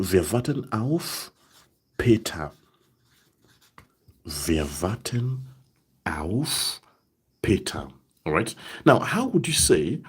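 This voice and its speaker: A man teaching a live online German lesson, saying example sentences slowly and checking in with "right?" often. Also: lowish voice, husky.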